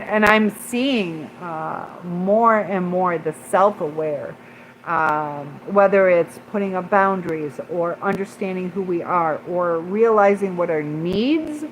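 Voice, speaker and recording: A woman's voice: fairly low pitch, a little hiss or hum, poor audio. Rambling woman chatting on a livestream. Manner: rambling, many fillers, pauses to read chat. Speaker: livestream host reading viewer comments. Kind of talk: casual livestream chat.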